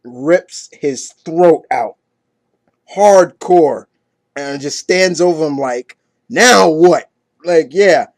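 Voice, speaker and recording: A man's voice: fairly high pitch, takes it slowly, darkish tone, no echo. A man giving a casual comic book review, rambling and stumbling through his retelling with lots of fillers.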